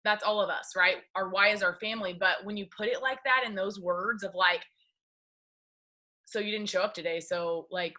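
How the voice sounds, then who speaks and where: A woman's voice: fairly low pitch, bright, forceful tone. A woman leading a casual group video call, chatty and peppering her talk with "like". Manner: chatty, heavy use of "like". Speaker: team leader hosting a video call.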